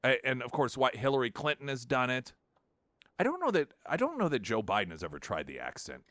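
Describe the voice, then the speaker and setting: A male talk radio host delivers sarcastic, mocking political commentary into a studio microphone, often restarting his sentences. His medium-pitched, fairly bright voice swings hugely in pitch, he talks a little fast, and the recording is dry.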